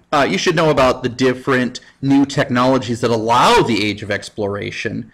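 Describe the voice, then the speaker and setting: A man, a high school history teacher, giving a casual recorded lecture with jokey, self-mocking asides. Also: a little fast, hardly any pauses, fairly bright tone.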